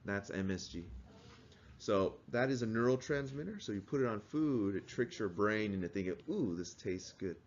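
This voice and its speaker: A man's voice: lowish voice, lively intonation, normal speed, highs cut off, a little hiss or hum. A man teaching a class, explaining things in a conversational way and asking the students questions. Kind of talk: classroom lecture.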